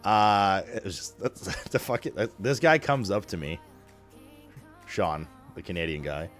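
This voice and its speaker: A young man from Romania, a streamer, casually telling a rambling, excitable story to his chat and swearing often. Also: low-pitched, a little slow, faint music behind.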